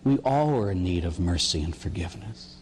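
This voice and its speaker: Animated priest in a reverberant hall. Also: male voice, deep voice, fairly quick, a little hiss or hum. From Pittsburgh area, US. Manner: animated storytelling, acts out penitents and God with rhetorical "huh?". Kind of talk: homily on confession.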